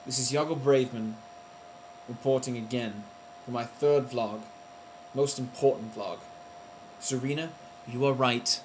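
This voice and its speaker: A man ranting to the camera in a video blog, heated and outraged, with sudden loud jumps in pitch. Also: steady tone, measured pace, long pauses, slight background noise. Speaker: vlogger. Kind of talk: indignant vlog rant.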